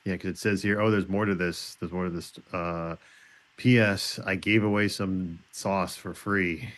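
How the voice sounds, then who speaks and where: A man's voice: sits low, steady tone, measured pace, a bit bright. A man co-hosting a podcast in casual chat, hesitant and curious, reading a listener letter aloud with halts.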